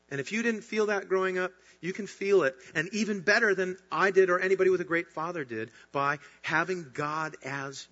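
A man preaching an earnest, emphatic sermon as a pastor. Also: a little high. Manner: earnest, emphatic preaching with rising bursts of excitement. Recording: dull sound with long hall reverb.

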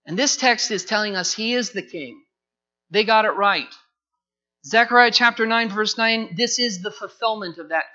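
A man preaching a sermon in an earnest, emphatic way, his voice high and bright with a forceful edge. He leans on repeated phrases as he builds his points. The recording sounds dull and lo-fi. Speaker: pastor.

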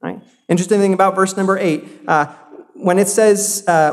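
A man preaching a sermon, talking to the congregation in an earnest, conversational way that circles back through rhetorical questions and restarts. His voice sits a little higher than most men's. The sound carries a long hall reverb, as if from a church sanctuary. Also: normal speed. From South Carolina. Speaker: pastor.

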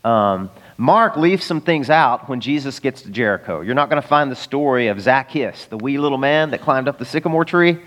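Conversational preacher in a reverberant hall. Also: male voice, medium pitch, animated, normal speed, hardly any pauses, a bit bright. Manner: conversational, acts out quoted voices. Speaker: pastor. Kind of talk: sermon.

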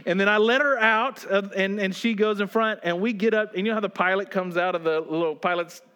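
A man with a notably high speaking voice delivers a sermon. He reads a scripture passage, then moves into an animated personal anecdote and often laughs as he talks. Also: fairly quick, clean tone. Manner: animated, laughs often while telling stories. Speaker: pastor.

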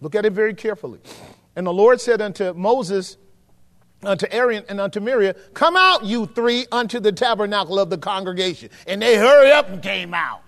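A man preaching a sermon as pastor, swinging from hushed asides to shouts and calling on the congregation. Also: high voice, fairly quick. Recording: long hall reverb.

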